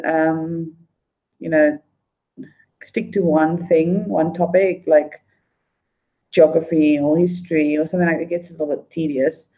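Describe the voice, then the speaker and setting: A woman's voice: on the low side, muffled recording. A woman from South Africa chatting casually on a livestream in a rambling way full of fillers.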